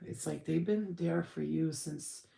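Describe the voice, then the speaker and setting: A woman's voice: low voice, measured pace, creaky, warm tone, echoey room. A woman giving a casual channeled spirit reading, rambling and blunt, swearing freely.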